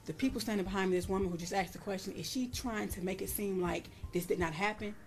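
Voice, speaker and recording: A woman's voice: mid-range voice, quick pace, soft background music. A woman testifying in a courtroom, blunt and profane, raising her voice when she re-enacts what was said. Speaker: defendant at a plea hearing.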